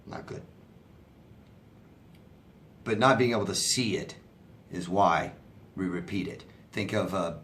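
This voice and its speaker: Guy doing a q&a coaching video, lowish voice, chatty and kind, keeps saying right?. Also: slight background noise. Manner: conversational, repeats "right?", sympathetic. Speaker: coach answering viewer questions. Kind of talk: casual advice talk.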